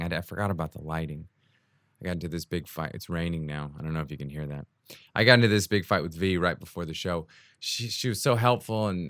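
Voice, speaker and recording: A young man talks alone into a new home mic in a low voice, loose and self-deprecating, laughing at himself as he rambles. The sound is close and dry, with no room around it. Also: fairly bright tone, clean tone, dry recording. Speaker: podcast host. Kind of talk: casual solo monologue. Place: indoors at home during a rainstorm.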